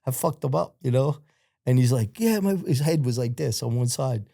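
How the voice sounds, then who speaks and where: Middle-aged male guest, mellow low tone, profane storyteller with a dead, dry sound. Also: animated, normal speed, gravelly, dry recording. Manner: profane, acts out other people's shouted lines; rambling, repeats filler phrases. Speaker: podcast guest. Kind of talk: casual storytelling.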